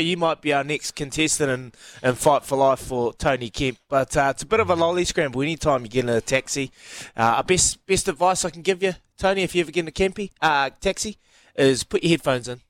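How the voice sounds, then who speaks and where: A man's voice: on the high side, a little fast, fairly bright tone, dry recording. A man with a New Zealand accent hosting a breakfast radio show, upbeat and teasing in casual chat. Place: radio studio.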